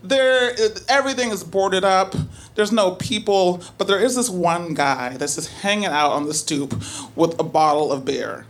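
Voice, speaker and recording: A woman telling a true story on stage, chatty and animated, full of asides and filler words. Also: on the low side, normal speed, slight background noise. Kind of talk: live first-person storytelling.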